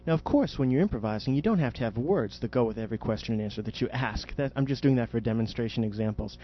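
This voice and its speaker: A man's voice: medium pitch, fast talker, dull audio, slight background noise. A man teaching jazz improvisation in a podcast audio lesson, explaining patiently and demonstrating spoken question and answer inflections.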